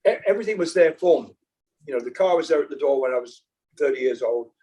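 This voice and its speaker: A man's voice: mid-range voice, animated, fast, dark tone, recorded from a distance, dull audio. An older British-born rock singer, a man, chatting casually as an interview guest, rambling with many fillers and restarts. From Britain.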